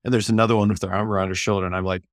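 Older man, low voice, animated storyteller. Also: racing, no room sound, studio quality. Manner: animated storyteller, restarts phrases, acts out quotes in a raised voice. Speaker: author and ministry leader, guest. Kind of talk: conversational storytelling interview.

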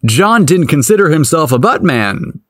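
A man narrating a story aloud in a playful, expressive manner. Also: on the high side, normal speed, dry recording, studio quality. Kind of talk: audiobook narration.

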